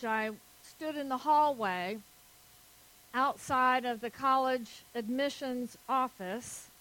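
Woman preacher, high voice, takes her time, storytelling sermon. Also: fairly bright tone, low-quality recording. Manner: storytelling, slow and deliberate.

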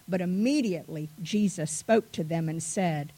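A woman reading scripture aloud in a measured way. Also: fairly low pitch, warm tone, husky, poor audio. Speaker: scripture reader.

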